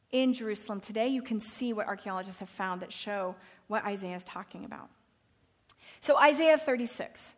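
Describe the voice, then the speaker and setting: A woman teaching from the Bible, reading passages dramatically and retelling them with casual asides. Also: sits high.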